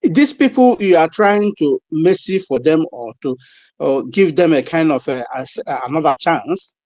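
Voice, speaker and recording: A man's voice: on the high side, animated, moderate pace, darkish tone, no room sound. A man making an urgent, emphatic submission in an online discussion, repeating his points. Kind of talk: impassioned political submission. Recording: muffled lo-fi audio.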